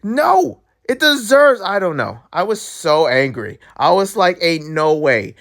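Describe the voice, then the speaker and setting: A young man who makes gaming videos, talking straight to his viewers in a casual, excitable rant. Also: high voice, a little slow, creaky. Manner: animated, excitable, talks to viewers directly. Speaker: gaming YouTuber.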